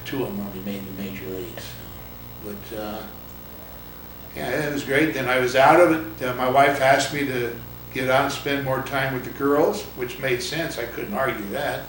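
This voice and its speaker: An older man from California, a former baseball coach, speaks bluntly in a casual oral-history interview, rambling with fillers. His mid-range voice moves at normal speed. The recording is roomy with a distant mic, background noise and faint ambience.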